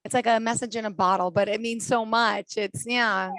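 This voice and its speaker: A woman's voice: on the high side, steady tone, moderate pace, a bit bright, dry recording, rough recording. A woman hosting an interview who gives encouraging reactions and asks follow-up questions. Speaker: interview host. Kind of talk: conversational interview.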